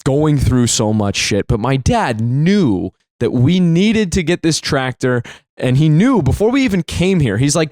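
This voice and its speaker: A young adult man telling a personal story, animated and profane, his voice leaping up when he is exasperated. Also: moderate pace, dry recording, studio quality. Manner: animated, swears freely, jumps high when exasperated. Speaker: storyteller host.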